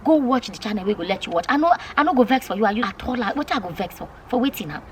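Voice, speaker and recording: Fast-talking Nigerian Pidgin woman vlogger. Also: fairly high pitch, lively intonation, background noise. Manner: chatty, repetitive, emphatic. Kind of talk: casual Pidgin vlog talk.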